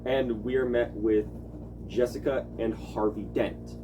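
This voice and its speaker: A man's voice: mid-range voice, steady tone, takes it slowly, muffled recording, background noise. A man hosting a podcast in casual chat, loose and profane, who acts out character lines as he goes. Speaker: podcast host.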